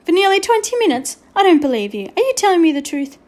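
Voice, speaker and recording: A woman's voice: sits high, animated, normal speed, a little mellow. A woman reading aloud and voicing a strict, fed-up female teacher in a storybook. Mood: scolding. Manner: scolding, indignant.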